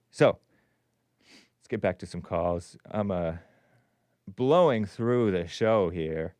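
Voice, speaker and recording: A man's voice: lowish voice, no room sound. Guy hosting a call-in stream, sarcastic and rambly, voice jumps all over, clean dry sound. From California. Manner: sarcastic, rambling, chuckling asides. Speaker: host of a call-in show. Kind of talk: casual live-stream commentary.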